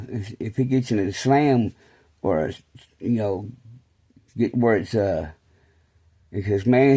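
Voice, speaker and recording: A middle-aged man telling rambling, casual stories, full of fillers like "man" and "you know," and turning low and quiet when he speaks of faith.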